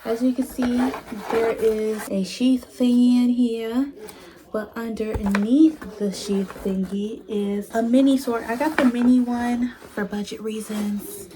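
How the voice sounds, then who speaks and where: A woman's voice: on the high side, steady tone, takes it slowly, background noise. Chatty young woman vlogging on a phone. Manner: chatty and self-teasing, drifting to hushed tones. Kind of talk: casual chat to camera. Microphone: phone front camera.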